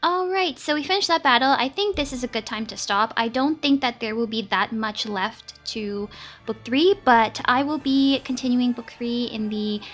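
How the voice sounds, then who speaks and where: A woman's voice: on the high side, moderate pace, a bit bright. A woman chatting casually as she plays through a game, thinking aloud with lots of fillers. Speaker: gaming YouTuber. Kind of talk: casual gameplay commentary. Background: faint game music.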